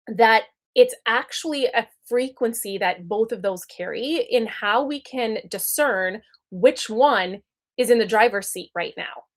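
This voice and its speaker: A woman in her thirties giving an earnest, conversational spiritual teaching talk. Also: on the high side. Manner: earnest, conversational, checks in with "right?".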